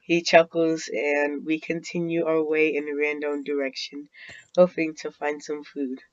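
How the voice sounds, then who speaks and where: A man's voice: fairly high pitch, little pitch movement, measured pace, no room sound, lo-fi sound. A man casually reading a fan-fiction story aloud, often breaking off to laugh.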